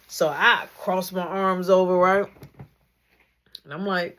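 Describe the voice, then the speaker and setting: A woman narrating a comedic storytime, acting out every character with animated energy. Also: on the low side, normal speed.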